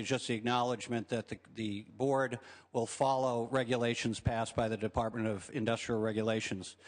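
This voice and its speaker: A man giving a floor speech as a senator, with an even, flat delivery. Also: medium pitch. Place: legislative chamber. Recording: long reverb of a large chamber.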